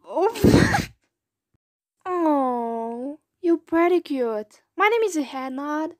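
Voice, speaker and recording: French woman, high and animated, reads fan audition lines slowly with giggly retakes. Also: dry recording, studio quality. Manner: retakes lines, breaks into giggles between takes.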